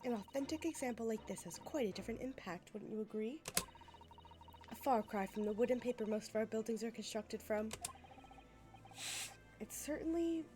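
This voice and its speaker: A woman voicing a polite, composed young female assistant in a video game, speaking in a measured way. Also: a little high, expressive, noisy background, lightly acted.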